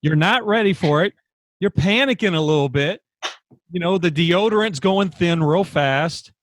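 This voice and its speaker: A man in a casual podcast chat reacts to a friend's story with laid-back jokes. His voice sits a little high. The sound is dry and close. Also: lively intonation, normal speed, no room sound. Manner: laid-back, joking asides. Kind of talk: casual conversation.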